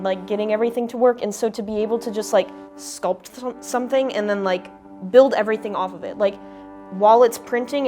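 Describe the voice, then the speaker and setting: A young woman talks through her craft in a documentary interview, loose and chatty, her sentences strung together with "like". Her pitch sits in an ordinary middle range. Music plays clearly underneath. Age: young adult. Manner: chatty, peppered with "like". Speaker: interviewee, fursuit maker. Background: background music.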